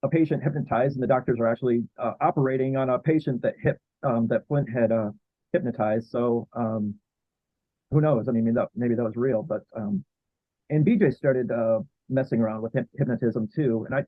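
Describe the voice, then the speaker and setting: A man talking as a guest historian in a casual interview, halting with many fillers and restarts. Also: mid-range voice, no room sound. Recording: tinny phone-like line.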